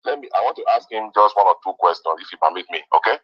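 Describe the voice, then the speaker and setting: A man's voice: fairly low pitch, animated, racing, breathy edge. A man calling in to a radio show, asking questions politely and hesitantly. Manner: hesitant, polite, full of restarts. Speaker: caller. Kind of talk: phone-in question. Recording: muffled phone-in line.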